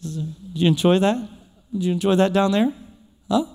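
A man voicing God as a proud, teasing father who mock-scolds with drawn-out questions, in an echoey church hall. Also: high-pitched, creaky, mellow, pitched below the performer's own voice.

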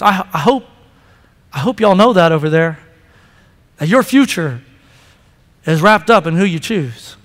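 High-voiced pastor in an echoing sanctuary. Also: male voice, fairly bright tone. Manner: chatty, playful, repeats words when starting sentences. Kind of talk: sermon. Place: church sanctuary. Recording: long hall reverb.

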